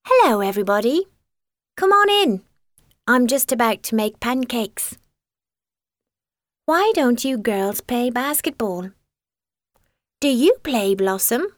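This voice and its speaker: A woman voicing a kind, reassuring mother who speaks gently and encouragingly. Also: on the high side, animated, takes it slowly, long pauses, no echo, studio quality.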